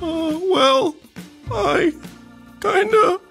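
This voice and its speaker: A man's voice: very high voice, expressive, drawn-out words, gravelly, a bit bright, faint music behind, exaggerated voice. A man playing a sheepish, hesitant young man in a kids' comedy skit.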